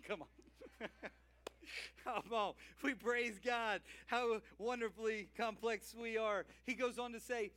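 Cajun pastor, high voice, lively call-and-response preaching. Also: male voice, a little slow, smooth. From Louisiana. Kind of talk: sermon. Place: church.

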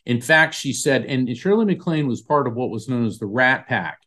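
A man in an interview spins a long anecdote. His voice sits at a middle pitch, and he brings quoted people to life as he goes. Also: moderate pace. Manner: animated storyteller acting out quoted voices. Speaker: psychic medium guest. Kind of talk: storytelling in an interview.

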